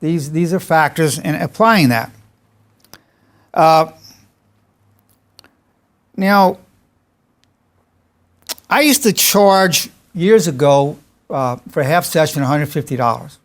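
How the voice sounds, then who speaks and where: A man's voice: a little high, lively intonation, takes it slowly, pauses often. An older man, a psychologist, giving an informal lecture and telling personal anecdotes in a chatty, self-amused way. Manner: chatty storyteller, amused by his own stories.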